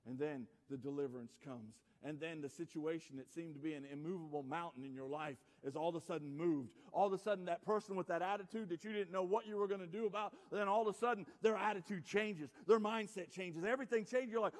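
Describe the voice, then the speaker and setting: A man preaching a sermon as pastor, dropping low and quiet then rising to shouts. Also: brisk. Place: church sanctuary. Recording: church sanctuary with long reverb.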